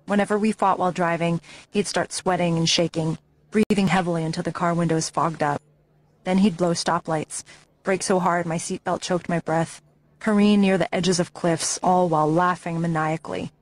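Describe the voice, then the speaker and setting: A woman's voice: fairly low pitch, steady tone, normal speed. A woman narrating a memoir audiobook with intense, emotionally charged reading.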